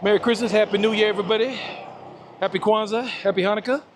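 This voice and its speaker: Guy walking and talking on a phone stream, kinda high voice, chill, greets chat, bit of street noise behind. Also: fairly even intonation, quick pace. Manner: laid-back, greets chat viewers by name. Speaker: live-stream vlogger. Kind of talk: casual live-stream chat while walking. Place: outdoors on a walk.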